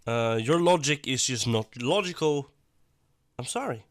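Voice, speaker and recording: A man giving blunt, profane reaction commentary, talking in an animated and dismissive way. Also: mid-range voice, a little slow, no room sound, studio quality. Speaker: YouTube commentator.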